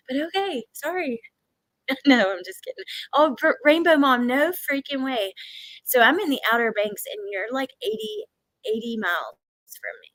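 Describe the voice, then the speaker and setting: A woman from Georgia with a Southern accent chatting on a livestream and reading out chat comments, animated and laughing often, with a runny nose. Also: on the high side, moderate pace, no room sound, rough recording. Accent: Southern American. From Georgia, United States.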